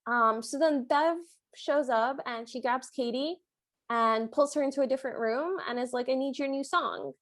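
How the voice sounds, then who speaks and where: A woman co-hosting a podcast, casually recapping a film and retelling scenes in an animated way. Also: sits high, normal speed. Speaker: podcast co-host.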